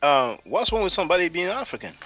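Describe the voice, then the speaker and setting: A man's voice: sits high, very animated, quick pace, fairly bright tone, faint music behind. A man hosting an online panel who politely cuts in, stammering and asking permission to speak. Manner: polite, interrupts with "hold on", stammers.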